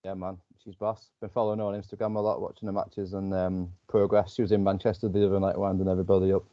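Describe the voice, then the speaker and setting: A man's voice: low voice, flat delivery, quick pace, lo-fi sound. A man with a Scouse accent from Liverpool, co-hosting a casual podcast chat in a laid-back way and laughing easily. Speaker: podcast co-host.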